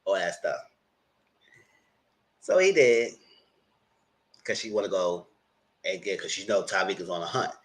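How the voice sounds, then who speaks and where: A man's voice: deep voice, a little slow, pauses often. A man hosting a casual live-chat recap of a TV series, chatty and acting out characters' lines. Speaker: channel host recapping a TV series.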